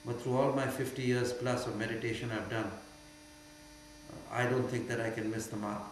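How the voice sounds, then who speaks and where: A man's voice: medium pitch, fairly even intonation, moderate pace. Older Indian man teaching in an echoey hall. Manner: emphatic, swings from quiet to loud and mocking. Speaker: spiritual teacher. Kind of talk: spiritual Q&A talk. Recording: very echoey hall with faint hum.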